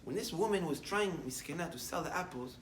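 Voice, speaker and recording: A rabbi preaching a morning talk, a man with a fairly high voice who tells a story and builds to strong, emphatic lines. He sits back from the mic in an echoey room, and a faint hiss hangs under his words. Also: expressive, fairly quick, distant mic. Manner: mixes Hebrew terms into English, storytelling, rising to emphatic declarations. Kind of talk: short morning sermon with a story.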